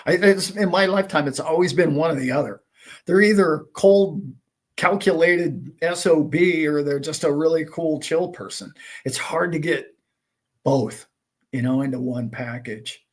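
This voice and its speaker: A man's voice: fairly high pitch, measured pace. A man hosting a livestream, chatting casually and greeting viewers, rambling and friendly with lots of filler words. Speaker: livestream host.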